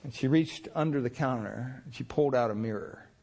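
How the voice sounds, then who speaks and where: A man's voice: mid-range voice, fairly quick, a little mellow. A man pastor preaching a sermon in a folksy, storytelling way, acting out the people in his anecdotes. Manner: folksy storytelling with many restarts and voiced quotes.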